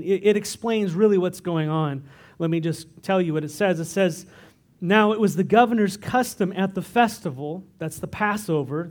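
A man preaching through a Bible passage in a conversational way, explaining the text with asides and filler words. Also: high-pitched. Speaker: pastor. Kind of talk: expository sermon.

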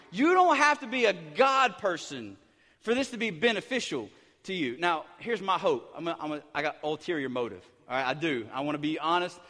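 A middle-aged pastor preaching a sermon, hyper and excited, tumbling through restarts and repeated words. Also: male voice, sits high. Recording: big hall reverb.

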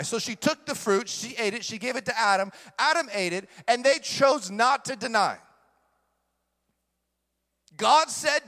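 A middle-aged male pastor preaching with emphatic force and repeating his key lines. His voice sits high and rings bright. Long reverb from a large hall trails every phrase. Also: animated, unhurried. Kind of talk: sermon.

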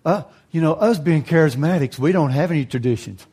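A man pastor preaching a sermon in a folksy, joking way, his voice jumping high for emphasis. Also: brisk, warm tone, husky.

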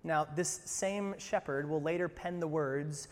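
Animated preaching man in a reverberant hall. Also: fairly high pitch, measured pace. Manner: animated, conversational with asides. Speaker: pastor. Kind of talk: sermon.

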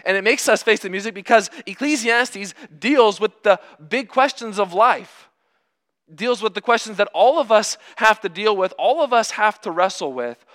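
A middle-aged man preaching a sermon in a slightly high voice. He speaks earnestly, drawing some phrases out softly and pressing others with force. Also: normal speed. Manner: earnest, swings from hushed to emphatic.

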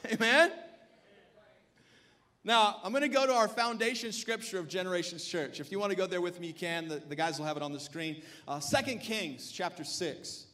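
A male pastor with a notably high, bright, forceful voice preaches at a normal speed. His sermon is emphatic and exhorting, and he keeps pushing the congregation for responses.

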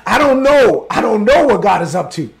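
A man's voice: sits high, moderate pace, vocal fry. A man voicing a desperate young male warrior pleading with a king, urgent and imploring.

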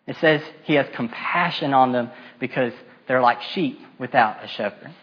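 A man with a husky, slightly raised voice preaching a sermon. He retells the story in lively, casual terms and acts out the complaining voices. The recording sounds dull and muffled. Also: on the high side. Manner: animated storytelling, acting out the disciples' complaints; casual modern asides and repetition.

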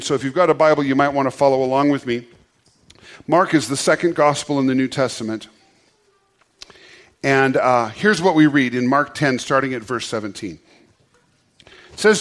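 A pastor preaching a conversational sermon, leading his congregation to repeat phrases and often restarting words. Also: on the high side.

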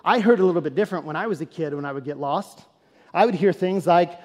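A pastor with a fairly high voice and quick pace delivers a sermon, first telling a story in an animated, conversational style, then shifting to quieter, more earnest teaching. The recording has a long hall reverb.

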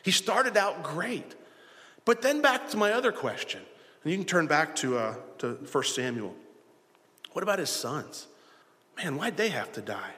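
Lively-voiced male pastor preaching. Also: a little high, a little slow, big-room sound. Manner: preaching with rhetorical questions to the congregation. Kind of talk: sermon.

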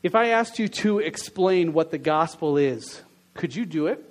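A man's voice: fairly high pitch, expressive, normal speed. A man preaching a sermon, opening with a prayer, then asking the congregation a string of questions. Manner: earnest, questioning, drops softer in prayer. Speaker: pastor.

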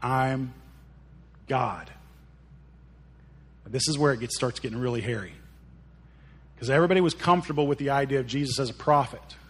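A fast-talking pastor with a husky, mid-range voice preaches a sermon. He recounts stories in a conversational style, acting out characters' lines and frequently repeating words.

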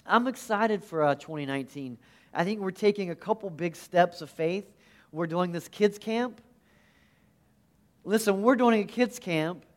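A man preaching a sermon as pastor, earnest and animated, often restarting his phrases. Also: high-pitched, clean tone.

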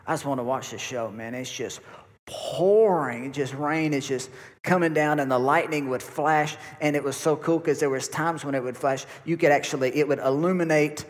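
A man preaches in a folksy, repetitive way, calling out to his congregation. His voice sits a bit high for a man. The sound carries a long reverb from a large church hall. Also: normal speed. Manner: folksy, repeats words, talks to congregation. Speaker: pastor. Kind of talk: sermon.

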